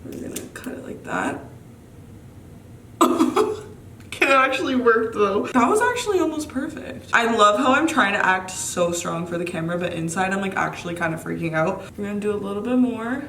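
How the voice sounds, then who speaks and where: A woman's voice: medium pitch, animated, moderate pace, a bit bright, a little hiss or hum. A woman chatting casually to camera at home, nervous and giggly, often exclaiming. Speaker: beauty vlogger. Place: room at home. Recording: echoey room, mic a bit distant.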